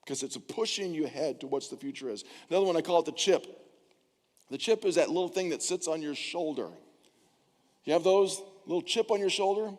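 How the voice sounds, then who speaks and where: An older man preaches a sermon in a church, his somewhat high voice trailing into a long hall reverb. He talks in a conversational way and slips into the voices of the people he quotes. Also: darkish tone. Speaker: pastor. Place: church sanctuary.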